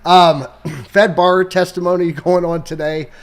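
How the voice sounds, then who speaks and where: A man's voice: sits high, steady tone, a little slow. A young adult man, co-host on a live market stream, running through the economic calendar in a loose, casual way with sarcastic jokes and plenty of fillers. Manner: loose and joking, sarcastic asides, many fillers.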